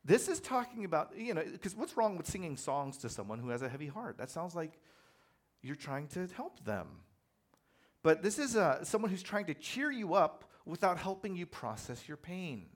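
A man preaching a sermon in a conversational, animated way, telling personal stories with self-deprecating humor. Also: fairly high pitch, normal speed. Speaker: pastor.

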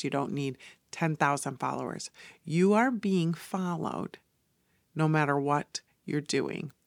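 A woman hosting a podcast, telling a story in a casual, animated way and slipping into soft whispered asides. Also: low-pitched, creaky, no room sound. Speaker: podcast host and salon owner.

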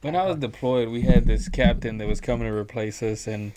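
A man's voice: mid-range voice, brisk, background noise. Laid-back male co-host telling crude stories. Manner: laid-back, profane anecdotes. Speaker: podcast co-host. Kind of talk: casual storytelling.

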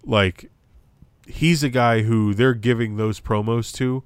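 Here a young podcast co-host rambles casually through wrestling review talk, leaning on fillers and restarting often. He speaks slowly and smoothly at a medium pitch, in a dry recording.

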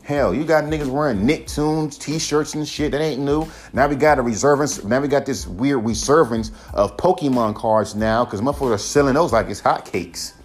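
A man's voice: medium pitch, normal speed, hardly any pauses. A man hosting a solo podcast, ranting in a heated, profane way and mocking critics. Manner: profane, heated, mocks critics in put-on voices. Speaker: podcast host.

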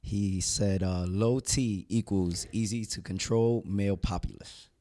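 A man with a very low, dark voice reads out viewer comments from the chat. He hesitates often and fills pauses with small sounds. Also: steady tone. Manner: hesitant, many fillers. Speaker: producer reading chat.

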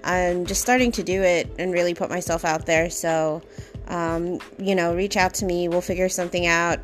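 A woman's voice: fairly low pitch, steady tone, moderate pace, soft background music. A woman hosting her own podcast in a casual solo monologue. She rambles, swears freely, and talks herself through restarts. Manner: rambling, swears freely, lots of fillers and self-talk. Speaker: podcast host.

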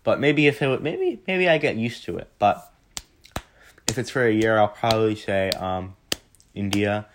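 A man's voice: on the low side, expressive, moderate pace, a little hiss or hum. A young man in his late teens answering questions in a casual vlog, rambling and correcting himself, recorded on a phone. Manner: rambling, self-correcting, chatty.

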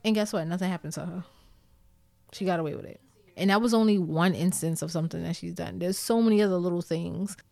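A woman's voice: lowish voice, fast, creaky, mellow, dry recording. A woman with a New York accent talking candidly to her viewers, blunt and emphatic, with plenty of swearing. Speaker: vlogger. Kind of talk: candid storytime talk to viewers.

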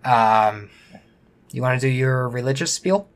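A man co-hosts a casual podcast, speaking in a halting, unsure way and filling gaps with ums. His voice sits at an ordinary middle pitch. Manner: hesitant, halting, many ums. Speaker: podcast co-host.

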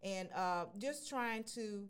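A woman's voice: mid-range voice, expressive, slow, smooth. A woman speaking earnestly in casual radio chat, sharing a personal story with hesitant fillers.

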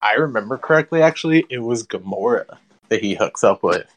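A man with a fairly low voice co-hosts a casual podcast chat. He tells stories in an animated way and swears casually. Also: a little fast. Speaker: podcast co-host.

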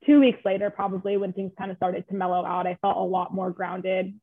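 A woman's voice: mid-range voice, flat delivery, a little fast. A young woman, a new mother, talking candidly as an interview guest, chatty and full of "like" fillers. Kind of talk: casual interview chat. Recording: tinny phone-line sound.

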